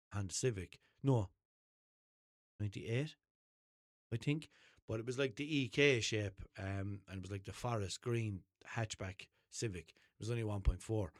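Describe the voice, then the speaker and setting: A man's voice: lowish voice, no room sound, clean studio sound. A man with an Irish accent, hosting a podcast, telling a rambling story with swearing and self-corrections. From Ireland. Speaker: podcast host. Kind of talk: casual storytelling.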